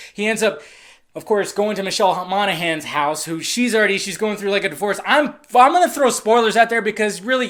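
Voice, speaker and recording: Profane, excitable young film reviewer. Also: medium pitch. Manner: profane and excitable, swinging from muttering to shouting. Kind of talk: casual ranting film review.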